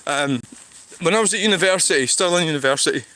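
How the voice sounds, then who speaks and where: A vlogger from Scotland walks beside a road on a livestream, talking quickly in a pushed, bright mid-range voice. The delivery rambles, punctuated by sighs and restarted thoughts.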